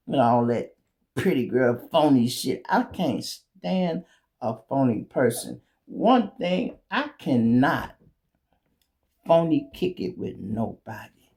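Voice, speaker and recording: A man's voice: mid-range voice, sing-song, takes it slowly, vocal fry, a little mellow. A male show host telling a blunt, profane comedic story in a streetwise manner.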